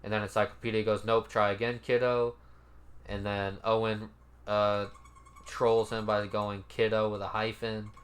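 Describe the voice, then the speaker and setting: A man's voice: lowish voice, completely flat delivery, normal speed. A man giving casual, laid-back commentary as he reads out comments, cursing now and then and sounding mildly incredulous. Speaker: commentary YouTuber.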